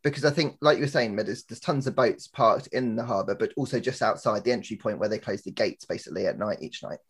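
A young man co-hosting a podcast, telling a story in an animated way and laughing often, over a laptop mic. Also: fairly low pitch, fast, husky. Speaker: podcast co-host. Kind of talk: casual chat. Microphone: laptop webcam and mic.

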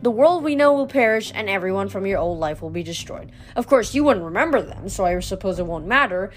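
A woman's voice: mid-range voice, animated, fairly quick, faint music behind, lightly acted. A woman voicing a sly, cackling old woman who is a disguised goddess, in a storybook reading. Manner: wheedling and cackling.

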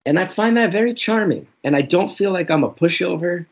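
A man's voice: high voice, expressive, brisk, creaky. A man, a comedian guest telling frank, reflective, self-deprecating stories in an interview. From New Jersey. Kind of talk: candid interview storytelling. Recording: dull lo-fi recording.

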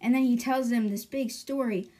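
A woman's voice: fairly high pitch, fairly even intonation, normal speed, warm tone. A woman hosting a podcast, casually retelling a book's chapters in a chatty way full of "like" and "you know". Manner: chatty, filler-heavy, lots of "like" and "you know". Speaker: podcast host. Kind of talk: casual book recap.

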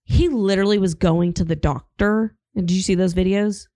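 A woman's voice: mid-range voice, brisk, warm tone, no room sound. A young woman co-hosting a podcast, chatting casually and filling her talk with "like" and restarts. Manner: chatty, filler-heavy, restarts sentences. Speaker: podcast co-host. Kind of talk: casual chat.

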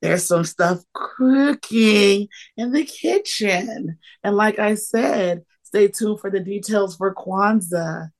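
Gravelly, animated woman comedian. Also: mid-range voice, takes it slowly. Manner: lively and emotional, laughing often, with bursts of excitement. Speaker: guest, comedian and keynote speaker. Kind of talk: casual podcast interview.

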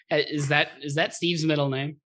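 A man co-hosting a podcast in casual chat, cracking quick jokes, laughing and trailing off mid-sentence. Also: fairly high pitch, flat delivery, sharp tone. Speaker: podcast co-host.

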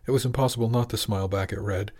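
A man reading his own novel aloud as a steady, measured audiobook narrator. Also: on the low side.

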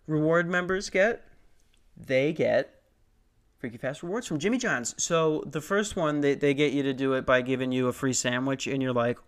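A man's voice: mid-range voice, smooth. A young man doing stand-up, telling a story in a profane, sarcastic rant. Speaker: stand-up comedian.

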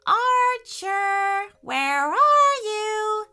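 A woman voicing an excited, eager little girl in a children's storybook, with squealing, breathless delight. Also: high voice, slow pace, faint music behind, pitched above the performer's own voice, heavily acted. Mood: playful.

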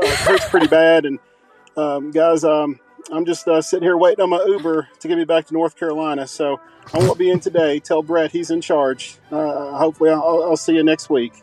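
A man's voice: fairly high pitch, a little mellow, natural voice, poor audio. A man putting on the voice of a hungover young man rambling through a sick-day message. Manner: rambling, halting, groggy. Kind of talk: prank voicemail skit.

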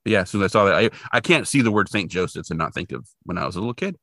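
A man's voice: low-pitched, rapid-fire, no echo. A man co-hosting a podcast, casually retelling a TV episode with lots of "like" and acted-out quotes. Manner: animated, filler-heavy retelling with voiced quotes. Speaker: podcast co-host. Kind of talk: casual recap chat.

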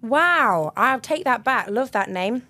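A woman's voice: fairly high pitch, animated, slow pace, sharp tone. A young woman co-hosting a podcast in casual chat, giggly and reading out listener messages. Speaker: podcast co-host.

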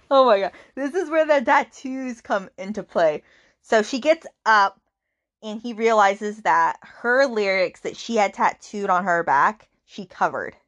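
A woman talking through a book's plot for her podcast in a loose, chatty way. She rambles, doubles back with fillers, and slips into quick acted-out quotes from the characters. Her voice sits at a middling pitch. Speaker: book podcast host. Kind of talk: casual book recap.

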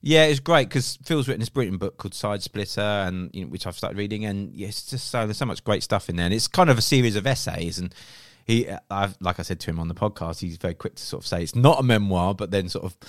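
A man's voice: lowish voice, lively intonation, fast talker, hardly any pauses, no room sound, clean studio sound. A middle-aged man co-hosting a podcast in casual chat, with frequent restarts. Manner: chatty, with repeated restarts. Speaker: podcast co-host.

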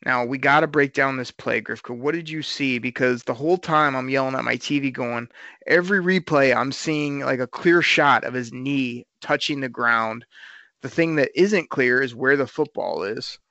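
Gravelly, bright-voiced man talking sports. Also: mid-range voice, normal speed, no room sound, muffled recording. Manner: animated, frustrated game breakdown. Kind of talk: casual sports talk.

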